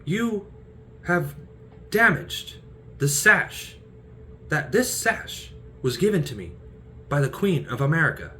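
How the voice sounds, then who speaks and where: A pompous, boastful swashbuckler, as a man puts him on, drawing out each word with grand indignation. The voice sits raised and swings widely in pitch. It rings bright and forward. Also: very animated, a little hiss or hum, full character voice. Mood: indignant. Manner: grandly indignant, drawn-out words.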